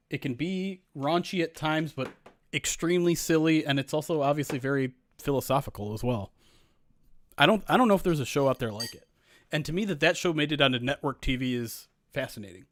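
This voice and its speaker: A man's voice: fairly high pitch, no room sound. Chatty man rambling on a stream. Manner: rambling and chatty, often restarting sentences. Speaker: streamer host. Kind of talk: casual live-stream chat reading viewer comments.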